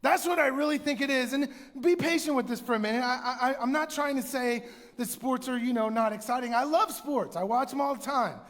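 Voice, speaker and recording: A man with a very high voice preaches a sermon in a chatty, animated way, now and then raising his voice to a shout. The long reverb of a church hall trails after his words. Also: a little fast. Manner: conversational, animated storytelling with bursts of shouting. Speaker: pastor. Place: church sanctuary.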